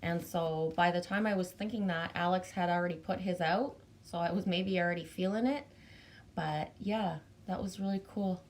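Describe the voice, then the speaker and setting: A woman's voice: lowish voice, normal speed. A woman from Canada with a Canadian accent, hosting a casual livestream, chatty and bubbly, greeting viewers by name and swearing casually. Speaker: livestream host reading chat. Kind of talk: casual live chat.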